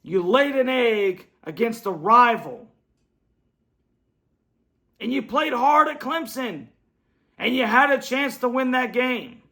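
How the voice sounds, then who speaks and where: This man has a very high, bright, forceful voice and an animated delivery, though he speaks slowly and pauses often. As host of a sports fan show, he rants angrily from his home computer after a loss, bluntly repeating himself.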